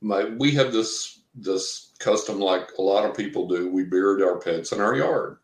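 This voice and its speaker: Male interview guest, low-ish voice, loose storyteller, roomy echo. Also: normal speed. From Texas. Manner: rambling storyteller, acts out quotes. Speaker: guest, professional psychic reader. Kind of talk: telling a personal story in an interview.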